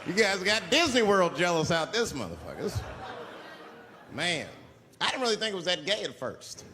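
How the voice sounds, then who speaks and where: A middle-aged man doing stand-up on a theater stage, telling stories animatedly and shouting some punchlines. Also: high voice, moderate pace. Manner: animated storytelling, swings to loud shouted punchlines. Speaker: stand-up comedian. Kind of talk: stand-up comedy routine. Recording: big hall, loud crowd and noise. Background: audience laughter and applause.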